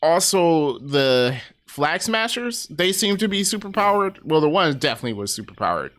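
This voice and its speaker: A man's voice: on the high side, sing-song, moderate pace, a bit bright. A man co-hosting a casual podcast about a TV episode, laughing often and trailing off with ums. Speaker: podcast co-host.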